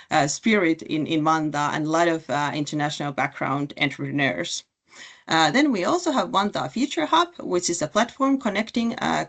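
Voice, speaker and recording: A woman with a low voice presents her city in an online session. She talks in a halting way, with many fillers and restarts. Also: creaky, fairly bright tone. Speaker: city representative pitching at a webinar. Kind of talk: presentation pitch.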